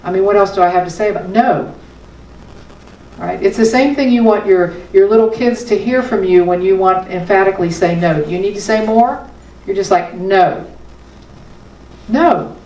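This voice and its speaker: A woman's voice: medium pitch, brisk, darkish tone. A woman giving a sermon as a spiritual teacher, talking in a conversational but emphatic way. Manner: conversational, emphatic, with small laughs. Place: spiritual center hall. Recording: roomy hall from a distance.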